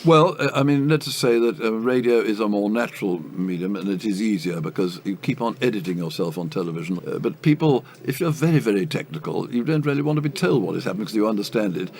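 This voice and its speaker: A man's voice: fairly low pitch, expressive, quick pace, few pauses, darkish tone, a little hiss or hum. An older man, a cricket commentator, telling anecdotes in an interview with many hesitant ums and a ready chuckle. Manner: chuckling raconteur, full of hesitant ums and uhs.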